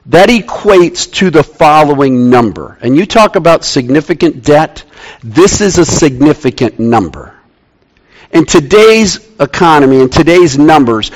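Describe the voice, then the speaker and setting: A man preaching a sermon to his congregation, emphatic and repeating key phrases, sometimes dropping to a quiet, slow delivery. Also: on the high side, lively intonation. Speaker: pastor. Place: church sanctuary with congregation.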